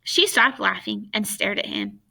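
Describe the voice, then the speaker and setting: A woman reading a children's book aloud in plain, steady storytelling. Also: medium pitch, unhurried, creaky. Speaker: audiobook reader.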